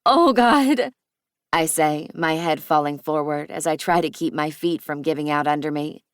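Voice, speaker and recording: Woman reading an audiobook, low voice, crisp and dry, close mic. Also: little pitch movement, moderate pace, no echo. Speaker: audiobook narrator. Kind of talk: scripted first-person romance narration.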